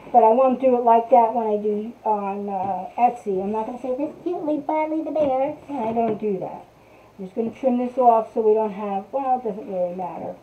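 A woman hosting a casual craft tutorial live stream, chatting to viewers while she works on a piece at her table. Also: fairly high pitch. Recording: tinny phone-like sound.

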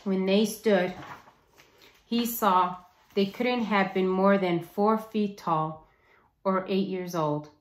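A woman teacher reads a novel aloud, taking her time and bringing the story to life. Her mid-pitched voice moves at a slow, careful pace, and it rings in a roomy space. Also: fairly even intonation.

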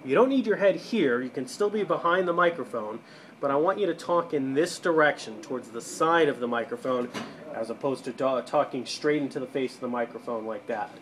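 A man walking viewers through setting up a desktop microphone and call software, step by step, at his computer. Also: mid-range voice, a little fast, slight background noise. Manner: practical step-by-step instructions. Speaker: tutorial presenter for a radio show. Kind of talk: casual screen-recorded tech tutorial. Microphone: desktop USB microphone, moving toward and away from it.

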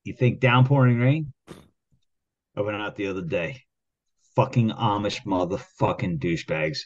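A man co-hosting a podcast who tells a rambling work story full of swearing, getting worked up and loudly acting out his own arguments. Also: lowish voice, moderate pace. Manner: heated, rambling, swears constantly, acts out quoted arguments loudly. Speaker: podcast co-host. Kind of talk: casual profane storytelling. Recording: dull lo-fi sound.

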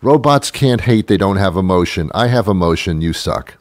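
Low-voiced sarcastic man ranting. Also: lively intonation, normal speed, no room sound, studio quality. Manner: exasperated, sarcastic, mimics voices. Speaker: comedy show host. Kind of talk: comic rant monologue.

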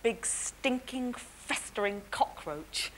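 An actress playing a dreamy, sweetly oblivious young woman who slowly tells a story. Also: on the high side, expressive. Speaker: sitcom girlfriend. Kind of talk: comic dialogue. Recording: hissy TV broadcast recording.

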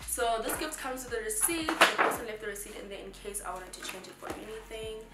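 A woman's voice: a little high, expressive, brisk. A woman, chatting in a gushing, effusive way as she unboxes gifts for her vlog. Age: 20s. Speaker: vlogger. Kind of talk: casual unboxing chat. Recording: echoey room with background music.

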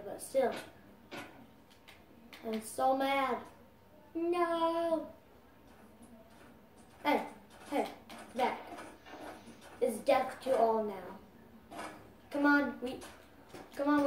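Female game streamer, high and unhurried, roomy off-mic sound with music under it. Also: distant mic, a little hiss or hum. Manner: talks to viewers while playing, exclaims loudly at setbacks. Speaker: gaming video creator. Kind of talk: casual gameplay commentary.

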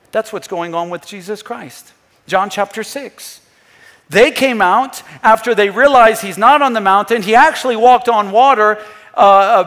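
A male pastor preaching a sermon, emphatic, dropping to a hush and then rising to loud. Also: high voice, long reverb tail. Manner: emphatic, swings between hushed and loud, acts out scripture quotes. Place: church.

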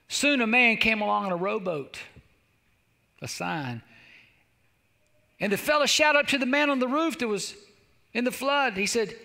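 A man's voice: high-pitched, very animated, a little slow, gravelly, long pauses, sharp tone. A man pastor preaching a sermon, exhorting and repeating calls to the congregation. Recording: long hall reverb.

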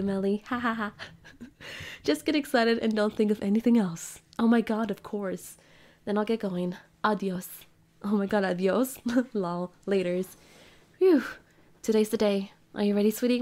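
A woman's voice: medium pitch, a little mellow. A woman streamer casually playing through a story game, reading the characters' chat lines aloud and joking between them. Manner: playful, giggly, reads character lines in her own voice. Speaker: gaming streamer. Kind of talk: casual let's-play commentary, reading game dialogue aloud.

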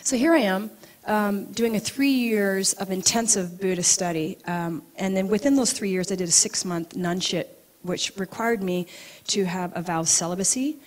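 A woman's voice: medium pitch, normal speed. A woman acupuncturist giving a personal storytelling talk at an event, laughing and acting out the people in her stories. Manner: animated, laughing storyteller who acts out quotes. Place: event venue.

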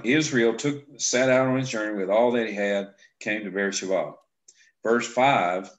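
A man with a fairly low voice walks through scripture verses in an easygoing teaching chat. He explains step by step and often restarts his sentences as he thinks aloud. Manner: explanatory, halting with frequent restarts. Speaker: Bible class instructor. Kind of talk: casual scripture teaching discussion.

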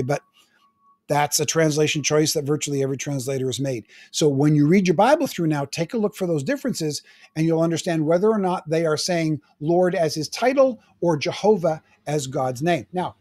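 A man's voice: fairly high pitch, a little mellow. Chatty older man teaching Bible. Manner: chatty, self-deprecating teacher with frequent restarts. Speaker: teaching pastor.

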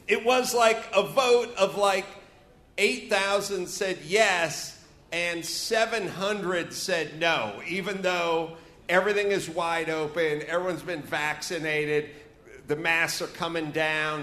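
A man's voice: on the high side, slow, pushed and bright. A man from North Hollywood hosting a live comedy podcast on stage, ranting and joking crudely. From North Hollywood, California. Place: live venue stage with audience. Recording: echoey live venue sound.

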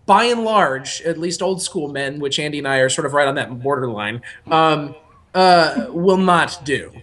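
A young man co-hosting a podcast, talking casually in a rambling, animated way that often breaks off and restarts. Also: a little high, normal speed. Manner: rambling, self-interrupting, animated. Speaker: podcast co-host.

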